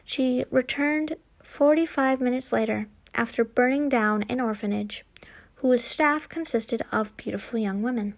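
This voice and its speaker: A woman reading a fan fiction story aloud, stumbling and restarting often. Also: fairly high pitch. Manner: halting, frequent slips and restarts. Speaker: fanfiction reader.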